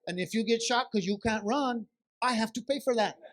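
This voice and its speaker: Speaking a little fast in a very high voice, a man works the stage at a benefit comedy show. His set is lively storytelling in which he voices both his wife and himself in their back-and-forth.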